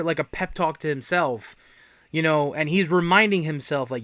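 Male panelist, somewhat high pitch, dry recording, earnest film praise. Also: normal speed, a bit bright, no echo. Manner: earnest, heartfelt enthusiasm. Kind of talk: casual movie discussion.

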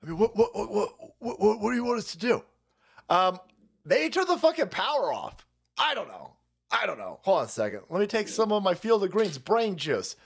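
Man, livestream rant, high voice, very lively pitch, profane, sarcastic, exasperated. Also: vocal fry, breathy edge. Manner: foul-mouthed, sarcastic, exasperated; repeats words in rapid bursts. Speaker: livestream host.

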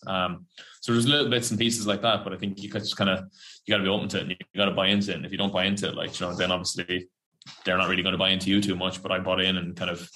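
A young Irish man who plays professional rugby chats loosely in a casual podcast interview, rambling with lots of fillers and slang. He swears freely, dropping the odd curse word. His low voice sounds pushed and bright.

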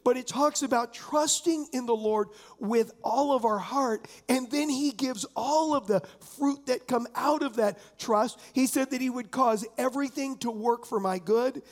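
A man's voice: extremely high pitch, a little slow, hardly any pauses. A man pastor preaching a conversational sermon, often asking the congregation questions. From San Diego area.

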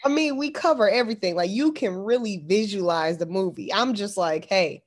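A woman's voice: medium pitch, fairly quick. A woman co-hosting a podcast in casual chat, complaining with a laugh. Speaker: podcast co-host.

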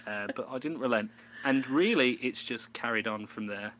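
Bright-voiced man in casual chat. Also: medium pitch, moderate pace, a little hiss or hum. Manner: animated storyteller, laughs often, breaks into a put-on New York voice. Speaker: podcast co-host.

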